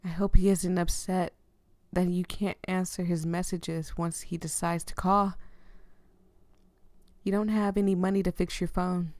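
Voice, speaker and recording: A woman's voice: on the low side, flat delivery, measured pace, darkish tone, no echo. A woman hosting her channel, reading a visual novel aloud and stopping to react with feeling between the lines. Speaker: channel host reading interactive stories.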